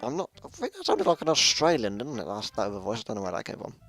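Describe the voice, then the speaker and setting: A man's voice: lowish voice, big pitch swings, fast, fairly bright tone. A man playing through a visual novel, reading it aloud and making puzzled remarks along the way. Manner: puzzled, self-questioning remarks. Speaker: let's play gamer. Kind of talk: reading and commenting on a game.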